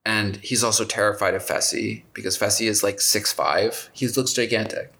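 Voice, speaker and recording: Male co-host, low gravelly voice, loose self-correcting banter. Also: steady tone, normal speed, sharp tone. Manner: rambling, self-correcting, wry. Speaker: podcast co-host. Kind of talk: casual recap chat.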